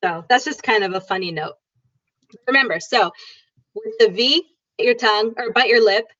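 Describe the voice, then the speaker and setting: A woman teaching English pronunciation in an online class, upbeat and demonstrative, repeating sounds slowly for her students. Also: on the high side, a bit bright, no room sound. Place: online video call. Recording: dull lo-fi video call audio.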